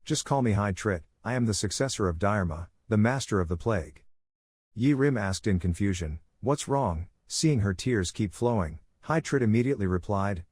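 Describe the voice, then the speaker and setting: A man with a fairly low voice narrates a comic story recap. He reads every line, dialogue and action alike, at the same steady, even pace. The sound is close and dry, with no room echo. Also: slightly rough.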